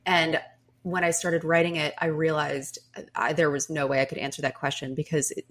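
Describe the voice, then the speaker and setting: A woman's voice: low-pitched, flat delivery, moderate pace. A woman hosting a podcast, telling candid stories in casual chat with frequent laughs. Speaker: podcast host.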